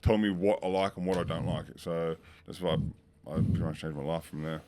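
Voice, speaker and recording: Low-voiced Australian man swapping crude stories. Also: fairly even intonation, fairly quick. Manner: swears freely, gets loud and laughing as a story builds. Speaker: podcast guest. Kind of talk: casual storytelling chat. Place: pub.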